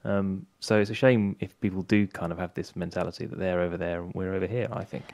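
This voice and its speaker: A man's voice: deep voice, steady tone, fast talker, a little mellow. A British man co-hosting a casual podcast panel, rambling through listener mail and tech talk. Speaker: podcast co-host.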